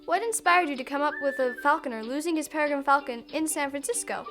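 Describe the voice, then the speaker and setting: High-voiced woman interviewer. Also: quick pace, music in the background. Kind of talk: scripted interview questions.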